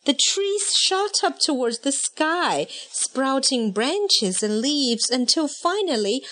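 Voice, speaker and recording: A woman reads a picture book aloud, taking her time over every line. Her somewhat high voice swoops up and down with lively melody, and she chants the sound effects playfully. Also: slow pace, few pauses. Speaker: storybook reader.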